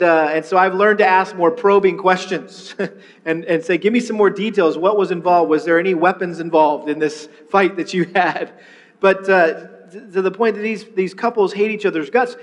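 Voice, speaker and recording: A male pastor with a high voice delivers a sermon in a relaxed, conversational way. He often repeats words as he restarts his sentences. His voice carries a long reverb from a large hall. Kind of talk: sermon-style teaching on marriage.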